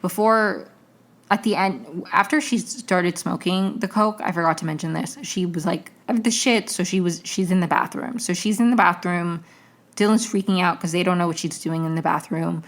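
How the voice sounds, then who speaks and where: A woman's voice: fairly low pitch, normal speed. A young woman hosting a podcast, recapping a TV episode in a rambling, chatty way full of tangents and self-corrections. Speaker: podcast host.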